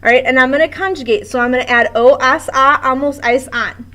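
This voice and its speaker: A woman's voice: high voice, fairly quick, bright, forceful tone. A woman teaching a Spanish grammar lesson at a board in a classroom, explaining step by step with patience.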